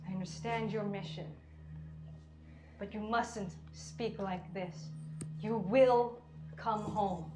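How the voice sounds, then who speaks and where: A woman voicing a stern but loving father who speaks in a low, grave, commanding way. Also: steady tone, takes it slowly, pauses often, roomy sound, noisy background, lightly acted. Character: stern loving father hiding his tears.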